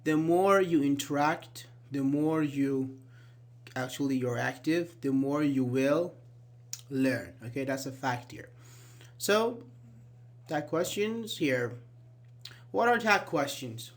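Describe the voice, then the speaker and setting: Male English teacher, slightly higher voice, patient and repetitive, lots of "actually" and "uh-huh". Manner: explains slowly, asks students questions, repeats key words. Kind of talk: live online grammar class.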